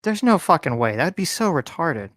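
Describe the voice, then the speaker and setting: A man's voice: fairly high pitch, very animated, moderate pace, a bit bright, no room sound, studio quality. A man co-hosting a casual livestream, reading out donor messages and reacting to them bluntly. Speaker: co-host reading donations.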